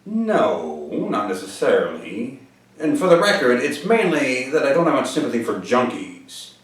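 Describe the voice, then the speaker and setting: Pompous, halting man in an echoey room. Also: medium pitch, very animated. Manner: pompous, formal wording broken by frequent "uh" pauses. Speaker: host answering viewer questions. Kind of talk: deadpan comedic monologue. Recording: very echoey room, mic far off.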